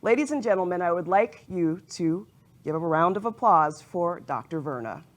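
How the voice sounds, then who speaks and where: A woman's voice: on the low side, expressive, normal speed. A woman emcee gives an emphatic, formal stage introduction at a fundraiser. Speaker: event emcee introducing the speaker.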